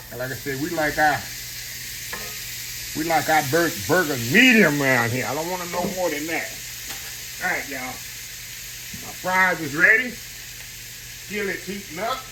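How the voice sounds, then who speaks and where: A home cook who runs a cooking channel talks to his viewers in a medium-pitched voice while working at his kitchen stove, chatting and rambling and calling everyone "y'all." He's filmed by a camera on a tripod, and a loud skillet sizzle and frying noise fill the background.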